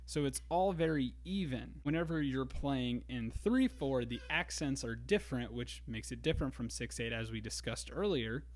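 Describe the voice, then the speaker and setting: A man teaching a drum lesson in a relaxed way, explaining grooves step by step. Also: mid-range voice, normal speed, few pauses. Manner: counts beats aloud, easygoing explaining. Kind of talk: casual instructional talk. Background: drum kit and metronome.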